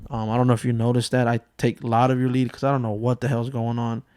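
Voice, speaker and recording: A man's voice: medium pitch, level tone, fast talker, a little mellow, smooth, no room sound. A man in his thirties hosting a casual podcast chat, joking and telling family stories, swearing freely. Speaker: podcast host.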